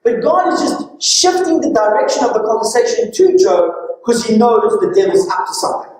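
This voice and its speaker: A woman's voice: a little high, darkish tone. A woman preacher giving a sermon, often asking questions to engage her listeners and stressing her points. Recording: very echoey hall, distant mic.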